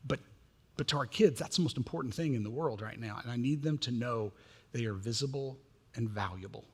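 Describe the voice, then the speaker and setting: A man in his thirties preaching a sermon as pastor, animated and self-mocking as he tells family stories. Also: mid-range voice, fairly quick, slightly rough. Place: church sanctuary. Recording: long reverb of a church hall.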